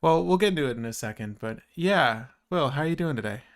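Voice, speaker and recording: A man's voice: a little high, animated, fast talker. A young man hosting a casual card game stream, joking, laughing often and rambling between topics. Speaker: host.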